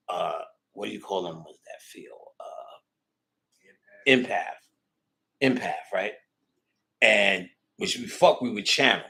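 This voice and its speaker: A man hosting a casual chat, telling a story in an excitable, profane way, swinging between loud bursts and hushed asides. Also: fairly low pitch, creaky. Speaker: podcast host.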